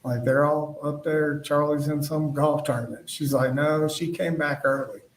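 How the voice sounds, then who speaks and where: A man giving courtroom testimony as a witness, speaking haltingly and retelling past conversations as quoted dialogue. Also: a little high, fairly even intonation, slight background noise. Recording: echoey room, voice far from the mic.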